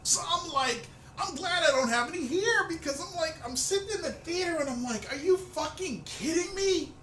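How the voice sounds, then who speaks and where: A man hosting a profane, excitable fan rant, loud and swearing freely. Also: very high voice, a little fast, roomy sound, slight background noise. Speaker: host of a rant video.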